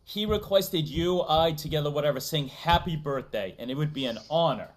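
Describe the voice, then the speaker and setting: A woman's voice: low-pitched, moderate pace. A woman with a Massachusetts accent, hosting a casual livestream and playfully reading out donations. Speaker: stream host.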